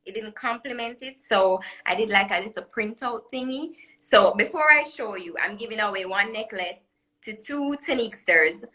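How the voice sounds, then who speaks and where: Bright-voiced Caribbean woman, chatty guest. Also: medium pitch, normal speed, low-quality recording. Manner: chatty, laughs often, promotional. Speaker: jewelry designer guest. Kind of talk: live social media interview. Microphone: phone or webcam on live video call.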